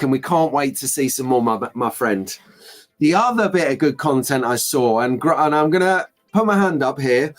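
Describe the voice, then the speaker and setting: Guy rambling and joking on a live stream, soft music in the back. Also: a little high. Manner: chatty, rambling, jokey banter. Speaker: host. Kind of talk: casual live-stream chat.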